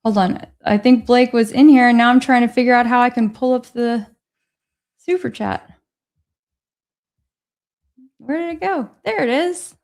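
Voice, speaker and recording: A woman's voice: fairly high pitch, measured pace, pauses often, darkish tone. A woman hosting a casual livestream, talking with the chat in a rambling, hesitant way, with many restarts. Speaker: livestream host reading chat.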